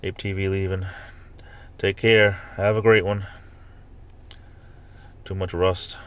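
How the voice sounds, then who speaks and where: A man hosting a casual live stream, chatting with viewers and reading comments aloud. He rambles with fillers and restarts and jumps into high-pitched mock outrage when he rants. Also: little pitch movement, slow, fairly bright tone.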